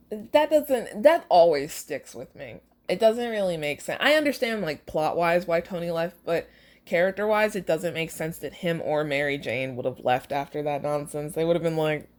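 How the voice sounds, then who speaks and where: A woman hosting a podcast, chatting casually and critically about her own fanfiction. Her voice is low, and she rambles with fillers and little laughs. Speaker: podcast host.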